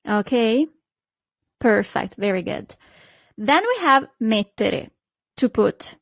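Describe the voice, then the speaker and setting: A woman's voice: on the high side, sing-song, takes it slowly, gravelly, pauses often, no room sound. A woman teaching a language lesson, patiently repeating each word and checking in with the listener. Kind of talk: slow, clear language lesson.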